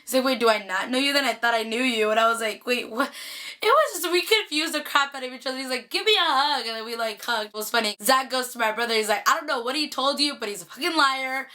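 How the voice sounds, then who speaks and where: A young woman from the Bay Area telling a casual storytime vlog, chatty and animated, full of "like" fillers. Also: high-pitched, fast. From Bay Area, California. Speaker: vlogger.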